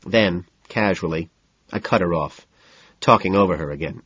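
A man narrating a novel in the first person, in a cool, measured, deadpan manner. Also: deep voice, slightly rough, dry recording, dull audio. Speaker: audiobook narrator.

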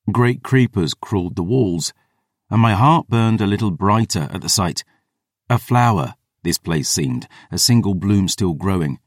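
A man reading first-person fantasy audiobook narration in a measured, descriptive manner, close to the mic. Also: deep voice, dry recording.

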